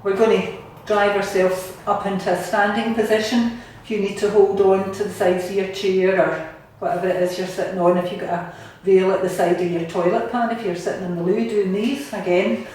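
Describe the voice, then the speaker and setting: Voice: medium pitch, little pitch movement, brisk, a little mellow, a little hiss or hum. A Scottish fitness instructor leading a cheery, chatty home exercise class, a bit out of breath. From Scotland. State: slightly out of breath. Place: bathroom at home. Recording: echoey room, mic at a distance.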